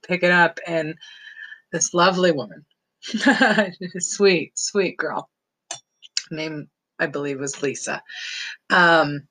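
A woman's voice: sits low, fairly bright tone, low-quality recording. A woman telling a personal story in a casual, rambling way, chuckling often between phrases.

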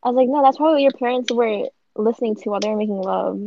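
A woman's voice: fairly high pitch, racing, dull audio, crowd noise. Chatty teasing young woman. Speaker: co-host. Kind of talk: casual chat.

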